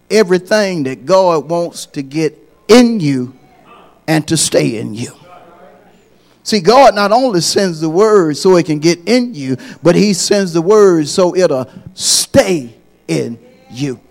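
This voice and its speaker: Delivering a sermon as pastor, this man circles back over his points, building from hushed phrases up to loud, high-pitched shouting climaxes.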